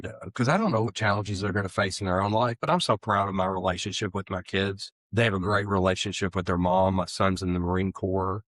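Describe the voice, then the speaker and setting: A middle-aged man with a low voice tells his own recovery story in an interview. He talks earnestly and grows animated when he acts out the excuses he used to make. The recording is dry and close. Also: no room sound. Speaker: guest sharing recovery story.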